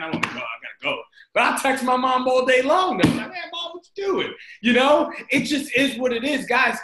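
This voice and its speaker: High, bright-voiced man on a video call. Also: echoey room, poor audio. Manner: energetic, repetitive, addresses the group as "guys". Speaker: team leader on a group video call. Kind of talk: motivational team training talk.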